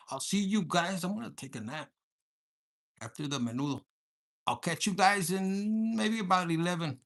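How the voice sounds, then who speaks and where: A man doing a casual tarot reading to camera. He is crude and profane, jokes constantly, drops Spanish slang into his English and slips into quick mock voices of his listeners. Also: fairly high pitch, gravelly, fairly bright tone. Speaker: tarot reader.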